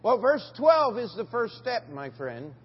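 A man's voice: very high voice, very animated, a little slow, slightly rough. A man preaching a sermon in a church, asking the congregation questions and reading scripture aloud in old-fashioned wording. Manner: reads scripture aloud in King James wording. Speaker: pastor. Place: church sanctuary. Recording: dull church recording with long reverb.

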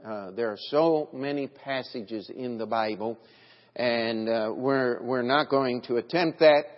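A man's voice: mid-range voice, measured pace. Preaching man in a reverberant church. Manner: earnest, rising to emphatic scripture reading. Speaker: pastor. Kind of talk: sermon. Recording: dull audio with long church reverb.

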